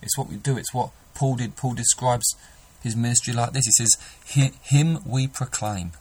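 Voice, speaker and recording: A man's voice: medium pitch, normal speed, a little mellow, a little hiss or hum, poor audio. A man preaching a sermon, earnest and emphatic, often restarting his sentences.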